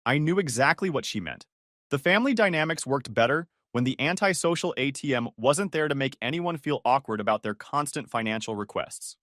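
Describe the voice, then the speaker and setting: Male first-person narrator, measured and wry, expressive pitch, dry booth sound. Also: no room sound.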